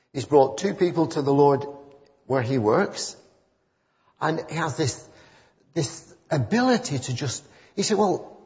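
A man's voice: mid-range voice, a little mellow. Man, chatty rambling sermon, muffled sound, long echo off the hall. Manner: rambling, conversational, rising to fervent emphasis. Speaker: preacher. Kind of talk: informal sermon with anecdotes. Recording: muffled church recording with long reverb.

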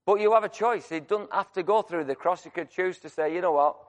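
Emphatic preacher in an echoing hall. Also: male voice, high-pitched, fairly quick. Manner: emphatic, repeats key phrases. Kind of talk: sermon. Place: church. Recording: long reverb church hall.

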